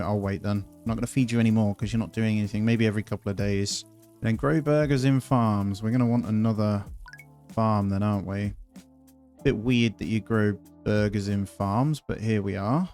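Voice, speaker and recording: A man's voice: on the low side, a little mellow. A man giving casual, chatty commentary as he plays a video game, thinking aloud and easily delighted. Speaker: gaming video host.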